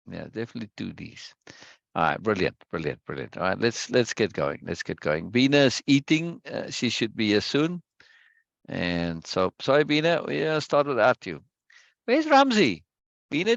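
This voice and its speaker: Male study-group host, low gravelly voice, dry dull lo-fi sound, chatty and repetitive greeter. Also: dry recording. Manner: repeats phrases, greets viewers one by one. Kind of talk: casual livestream chat before a reading session.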